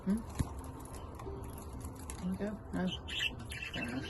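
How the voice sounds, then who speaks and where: A bird keeper in an outdoor aviary chats slowly and fondly with the budgies. The voice sits at a middle pitch and coaxes the birds in baby talk. Loud wind gusts roar over the mic while birds chirp behind. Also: lively intonation. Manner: chatty, coaxing the birds in a fond baby-talk tone. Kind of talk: casual vlog chat. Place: outdoor aviary on a windy day.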